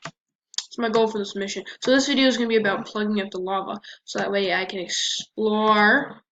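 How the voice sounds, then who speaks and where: Her voice is medium in pitch and fairly bright, with fairly even intonation at a normal pace. As a gameplay commentator she chats casually to herself in a let's-play, heard through a dull lo-fi mic with faint noise.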